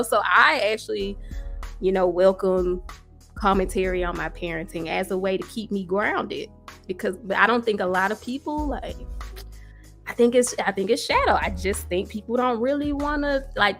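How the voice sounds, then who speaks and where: A woman in her thirties, a podcast guest talking candidly in casual chat, full of filler words. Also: mid-range voice. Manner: animated, candid, lots of "like" fillers.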